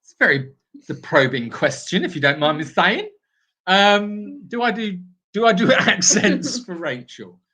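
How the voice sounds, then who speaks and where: A man's voice: sits high, big pitch swings, a little slow, bright, forceful tone. A man co-hosting a live Q&A from an animal sanctuary, reading viewer comments in a playful, jokey way. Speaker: co-host of a live Q&A.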